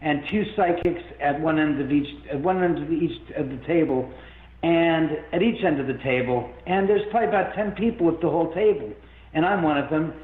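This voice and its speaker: Animated rambling man over a tinny line. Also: fairly high pitch, fairly quick. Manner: rambling, animated, full of restarts and self-quotes. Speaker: guest, haunted-house owner. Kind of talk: storytelling in an interview. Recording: phone-like line in an echoey room.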